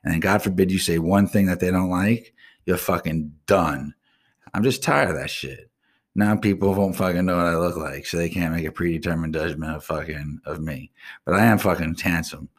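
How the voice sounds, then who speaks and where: A man hosting his own live stream show, ranting bluntly and swearing constantly, with casual slang. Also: deep voice. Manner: casual slang, drawn-out asides. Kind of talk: profane solo rant.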